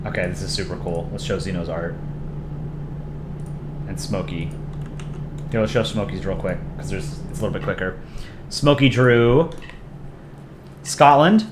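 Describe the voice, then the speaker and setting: A man's voice: deep voice, unhurried, pauses often. A man streaming live, chatting casually as he reviews fan art, rambling with frequent ums. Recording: echoey room with background noise.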